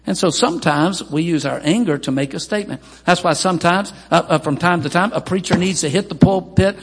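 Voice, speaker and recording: A pastor with a gravelly, slightly husky voice preaches with strong emphasis and lifts his pitch when he quotes people. His voice sits a little high for a man and rings with long reverb through a church hall. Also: fairly quick. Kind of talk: sermon.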